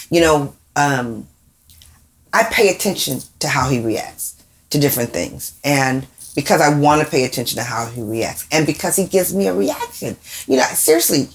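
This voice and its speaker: A woman co-hosting a podcast in casual conversation, emphatic, asking pointed questions. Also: low-pitched. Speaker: podcast co-host.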